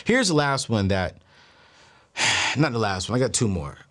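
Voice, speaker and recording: A man hosting a talk show, telling stories casually and acting out the dialogue, with exclamations that leap up in disbelief and a preachy turn toward faith. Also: measured pace. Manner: animated, acts out dialogue, jumps to high incredulous exclamations. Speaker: show host. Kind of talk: casual storytelling to the camera.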